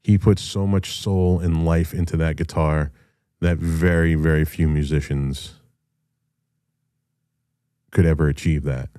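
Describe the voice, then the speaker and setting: A man's voice: rumbling low, flat delivery, unhurried, long pauses, warm tone, smooth, no echo, clean studio sound. A middle-aged man, a rock musician hosting a show, talking in a casual solo monologue, blunt, profane and passionate, rambling with restarts.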